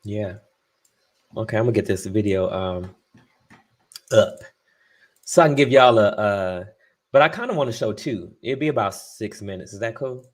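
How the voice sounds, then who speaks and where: Male co-host, relaxed and explanatory, thinking out loud. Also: lowish voice, moderate pace, long pauses. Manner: explanatory, thinks aloud with fillers. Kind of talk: casual podcast chat.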